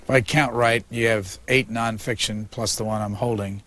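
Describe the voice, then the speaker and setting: A man's voice: on the low side, fairly even intonation, moderate pace, a bit bright. Interviewer guy, short direct questions, plain voice. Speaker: interview host.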